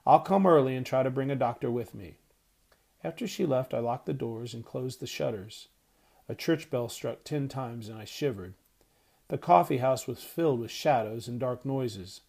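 A man reading a first-person audiobook narration in a hushed, tender way. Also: mid-range voice, husky.

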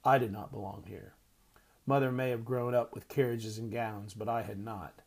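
A man's voice: mid-range voice, steady tone, normal speed, darkish tone, close to an everyday voice. A man voicing a proud young woman who speaks tightly through her teeth. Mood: seething. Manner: tight-lipped, clipped.

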